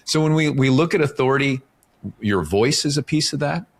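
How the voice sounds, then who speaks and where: A man's voice: medium pitch, brisk. A middle-aged man, a guest talking casually in an interview and explaining ideas through stories, often tagging his points with "right?". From Canada. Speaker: author and professional speaker, podcast guest.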